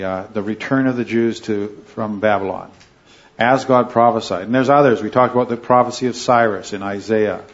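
His voice sits on the low side as he teaches a group Bible study, leading the discussion earnestly and often asking "right?" or saying "okay." The audio has a dull, lo-fi quality.

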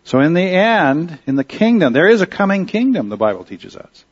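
A man with a high, sing-song voice speaks at a normal speed, earnestly leading a group Bible study and checking in with "right?" and "okay" along the way. The recording is dull and lo-fi.

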